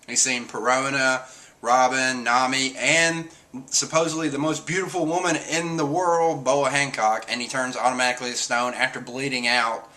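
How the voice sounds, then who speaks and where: A man streaming casual talk, animated, cursing now and then. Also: medium pitch, normal speed. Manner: animated, swears, acts out quotes. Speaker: streamer reviewing a comic chapter. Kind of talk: casual chat.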